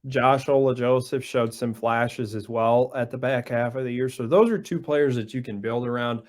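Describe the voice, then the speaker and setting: A man talks sports as a podcast guest in a quick, chatty way, dropping plenty of "like"s. His voice sits at an ordinary middle pitch. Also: fairly even intonation. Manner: quick, chatty analysis with many "like"s. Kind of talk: sports analysis chat.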